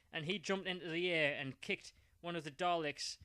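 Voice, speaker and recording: Bright man, playful rambling storyteller, dry close sound. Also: a little high, fairly even intonation, normal speed, smooth, no room sound. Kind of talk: improvised fan-fiction storytelling.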